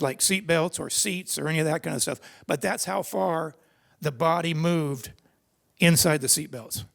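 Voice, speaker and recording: A creaky, slightly high-pitched voice belongs to an older man recounting personal racing tales at a seminar. The storytelling wanders conversationally, with plenty of false starts, in a seminar hall.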